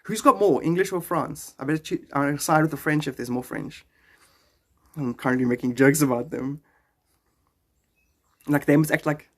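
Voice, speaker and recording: Husky-voiced man rambling on a livestream. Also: a little high, moderate pace, pauses often, a bit bright. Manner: rambling, joking, chuckling often. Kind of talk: casual livestream chat.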